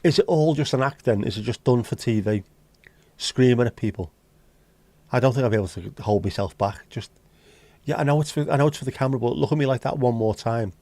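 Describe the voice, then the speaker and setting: Hosting a relaxed live-stream chat, a Scouse man with a mid-range, slightly mellow voice talks fairly quickly. There's no room sound. He swaps blunt, sweary banter with his viewers.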